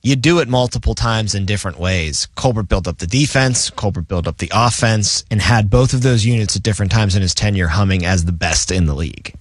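Lower-voiced sports podcast host. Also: male voice, no echo. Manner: confident and emphatic, with quick asides. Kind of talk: casual sports analysis chat.

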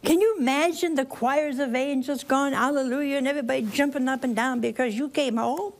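A woman's voice: high-pitched, fairly quick. A woman preaching a storytelling sermon to a live audience, chatty and folksy, laughing at her own asides and acting out the characters.

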